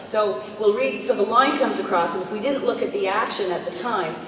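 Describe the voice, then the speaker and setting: A woman's voice: medium pitch, a little fast, fairly bright tone. A woman voice actor on a convention panel, chatting animatedly and acting out line readings. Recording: echoey convention hall, distant mic. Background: crowd.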